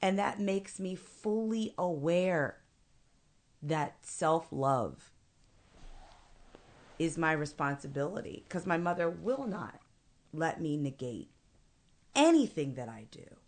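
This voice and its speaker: A middle-aged woman telling a personal family story in conversation, earnest and measured, slowing down for emphasis. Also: deep voice, lively intonation, a little mellow. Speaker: guest.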